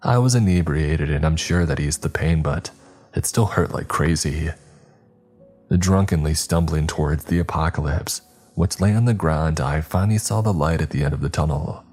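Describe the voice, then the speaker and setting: A male narrator hosts a horror podcast in a very deep, husky voice, measured and dramatic. Soft music plays faintly beneath him.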